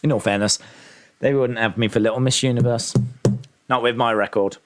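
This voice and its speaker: A man's voice: mid-range voice, fairly even intonation, a little fast, faint music behind. A man from England with an English accent, hosting a casual wrestling watch-along stream, calling the action and reading viewer comments aloud.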